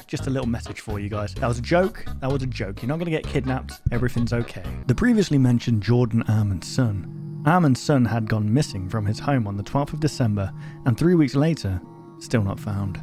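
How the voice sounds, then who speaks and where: Man reading horror text aloud, music behind. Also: mid-range voice. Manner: reads in an even tone, breaks off with sudden loud exclamations. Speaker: reaction video host.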